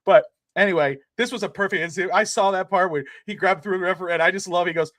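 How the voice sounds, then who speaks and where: A man's voice: sits high, fast talker, few pauses, a bit bright, no room sound. A man co-hosting a podcast in casual sports chat, rambling with lots of filler words. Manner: rambling, many "you know" fillers. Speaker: podcast co-host.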